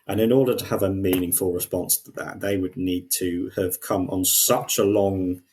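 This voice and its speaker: Male podcast co-host, deep voice, lively, restarts sentences. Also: moderate pace, a little hiss or hum. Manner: animated, quotes people in put-on voices, frequent restarts. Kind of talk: casual discussion.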